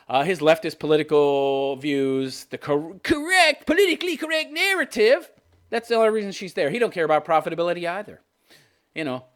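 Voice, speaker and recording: A man's voice: on the high side, a bit bright. A man in his fifties hosting a podcast, ranting scornfully and sarcastically, often breaking into laughter. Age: 50s. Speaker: podcast host. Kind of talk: political commentary rant.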